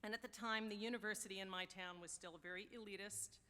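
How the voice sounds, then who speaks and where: American woman, university official, podium speech, bright voice, long hall reverb. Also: medium pitch, steady tone. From United States. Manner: wry, anecdotal, measured. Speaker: university deputy provost. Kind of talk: ceremonial address. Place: large ceremony hall.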